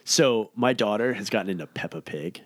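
A man co-hosting a podcast, laid-back and chatty, a little drowsy and quick to laugh. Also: on the low side, lively intonation, dry recording, studio quality. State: slightly drowsy from medication. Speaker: podcast co-host. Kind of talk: casual chat.

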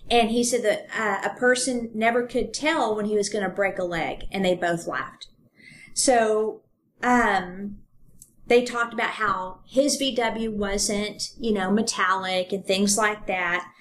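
A woman's voice: mid-range voice, slow pace. Woman co-host, conversational true-crime storyteller, loose and chatty, with a faint hiss under the voice. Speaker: podcast co-host. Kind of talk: casual true-crime podcast retelling.

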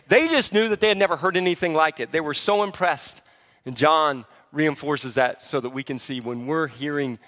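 A man preaching a sermon as pastor, in a conversational, animated way that acts out the people he quotes. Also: a little high, in a large hall. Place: church sanctuary.

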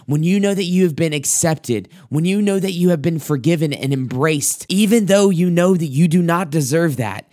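Male preacher, slightly high voice, earnest sermon delivery with restarts. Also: darkish tone, dry recording, clean studio sound. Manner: earnest, repeats words when speeding up.

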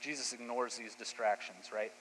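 Bright-voiced pastor preaching in a hall. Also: male voice, medium pitch, moderate pace, a little hiss or hum. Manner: lively storytelling retelling scripture in casual speech. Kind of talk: sermon.

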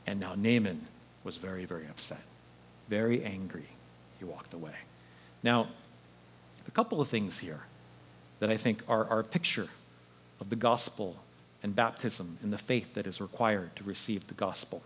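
A man preaching a sermon as pastor in an animated, conversational storytelling way. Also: fairly low pitch, normal speed, long pauses, slight background noise.

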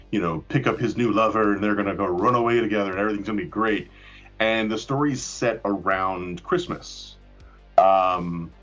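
A man's voice: low-pitched, a bit bright. A man in casual chat, rambling with fillers and casual swearing. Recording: dull lo-fi recording.

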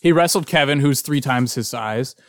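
A man in his twenties telling stories in casual chat, animated and swearing freely. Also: mid-range voice, normal speed, dry recording, clean studio sound.

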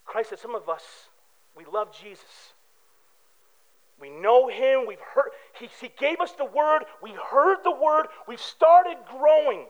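A man's voice: extremely high pitch, expressive, slow pace, dull audio. A man preaching a sermon with emphatic rhetorical questions and joking asides. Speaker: pastor.

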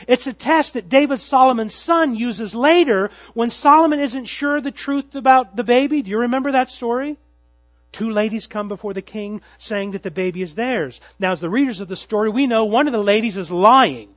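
A man preaching a sermon, telling the story dramatically and swinging from loud emphasis to hushed tones. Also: sits high, no room sound, rough recording. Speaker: pastor. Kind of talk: expository sermon.

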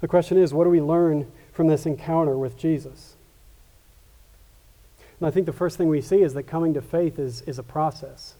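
A man's voice: on the high side, moderate pace, dark tone. A man preaching a sermon as a pastor, earnest, often restarting and repeating words. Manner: earnest, with frequent restarts and repetitions.

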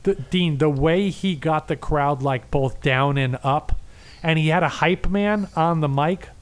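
A man with a fairly high voice telling a night-out story in casual chat. He talks excitedly and swears a lot, and he acts out the lines of the people he met. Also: a little slow, clear, resonant tone. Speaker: podcast co-host.

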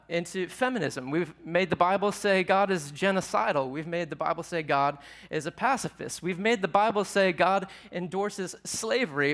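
Guy preaching to a church crowd, chatty and asks them stuff, voice on the higher side. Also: fairly bright tone. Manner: conversational, asks the audience questions. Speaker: pastor. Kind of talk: sermon.

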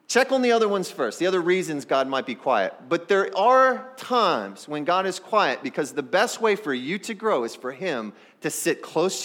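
A man's voice: on the high side, a bit bright. A man preaching a sermon as pastor, talking straight to the congregation in a conversational way. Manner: acts out the people in the story.

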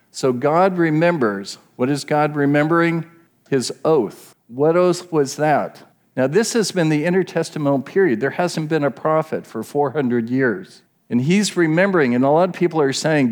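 A man's voice: medium pitch, darkish tone. Middle-aged man preaching a sermon. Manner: explanatory, asks the listeners questions.

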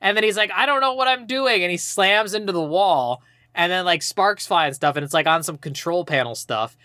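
A podcast co-host recaps a movie plot in an animated, sarcastic way, acting out its lines. The voice is bright and crisp, recorded close and dry. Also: medium pitch, a little fast, no echo. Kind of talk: casual movie-review chat.

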